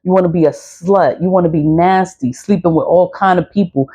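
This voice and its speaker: A fortysomething spiritual practitioner selling cleansing products discusses spiritual cleansing in a casual way, talking fairly quickly in a mellow, slightly rough, medium-pitched voice that lies between typical male and female registers. Blunt and preachy, they repeat the same points over and over and curse without restraint.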